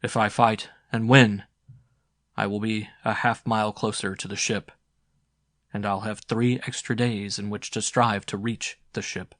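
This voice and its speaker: A man's voice: fairly low pitch, little pitch movement, measured pace, fairly bright tone, no echo, studio quality. A male narrator voicing an earnest, bewildered young man full of questions.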